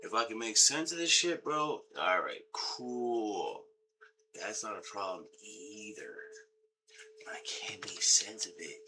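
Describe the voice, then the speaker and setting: A young man rants at his screen in a lively, up-and-down voice that sits on the low side. He swears constantly, loops back on the same complaints and tosses "bro" into nearly every line. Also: slow. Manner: exasperated, swearing, repeats himself, says "bro" a lot. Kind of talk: casual profane rant.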